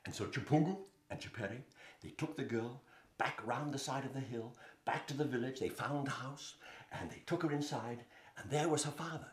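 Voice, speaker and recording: A man's voice: medium pitch, moderate pace, roomy sound. A man telling a story to children, inviting them to join in with sounds and moves. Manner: animated, invites the audience to join in.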